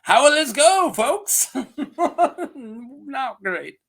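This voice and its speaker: A man's voice: very high-pitched, big pitch swings, drawn-out words, creaky, fairly bright tone. A man casually recapping a TV episode from a script, joking and laughing often, with lots of ums. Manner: giggly and joking, full of ums and asides. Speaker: TV show reviewer.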